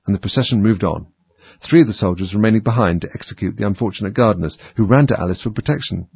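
A man narrating a storybook aloud in an animated, dramatic way. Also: on the low side, fast talker, creaky, slightly rough, no room sound. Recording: dull lo-fi recording.

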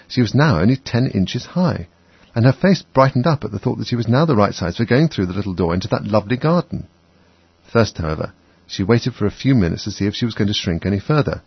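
A man's voice: fairly low pitch, lively intonation, brisk, creaky, breathy edge, dry recording. A man narrating a children's storybook expressively as an audiobook, on a dull, dry recording.

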